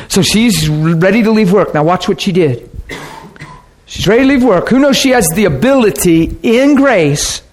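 A man preaching, telling a personal story with animated, repetitive delivery. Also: high voice, measured pace, slight background noise. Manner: storytelling, animated, repeats words. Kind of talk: sermon testimony.

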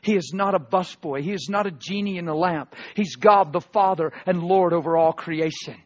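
A pastor preaching a sermon, swinging from loud emphatic proclamations to hushed asides. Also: male voice, sits high, normal speed, highs cut off.

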